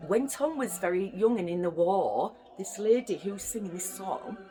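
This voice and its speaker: A young woman from the UK reads a children's bedtime story in a chatty, playful way, breaking off for asides to her young listeners. Her delivery is very animated, with wide swings in pitch. Faint music plays softly behind her. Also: moderate pace. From United Kingdom.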